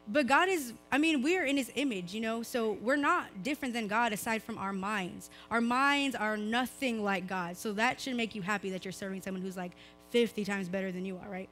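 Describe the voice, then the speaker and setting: A young woman, slightly hoarse, gives a chatty, informal youth sermon full of "like" fillers. Her voice sits a little high. Soft instrumental music plays faintly behind her. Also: a little fast, hardly any pauses. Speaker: preacher. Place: church service, recorded live.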